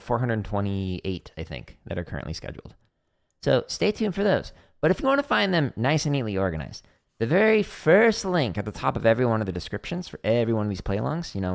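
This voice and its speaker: A man's voice: medium pitch, gravelly. A middle-aged man hosting a drum practice livestream, chatty and explaining exercises step by step with casual fillers.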